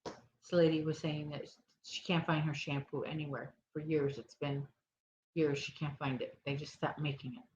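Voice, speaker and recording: Brief: woman, crochet-stream host, lowish voice, rambling and sleepy, roomy dull recording with faint hiss. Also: little pitch movement, moderate pace, a little mellow. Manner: rambling, chatty, loses her train of thought. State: sleepy, yawning. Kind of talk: casual chat with live viewers.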